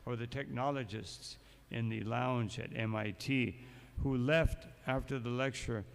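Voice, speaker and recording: This gravelly, mid-range male voice belongs to a monk lecturing at a morning sermon inside a temple hall. He reads passages out loud, then interrupts himself with asides as he tells his stories, and the recording carries the echo of a long hall.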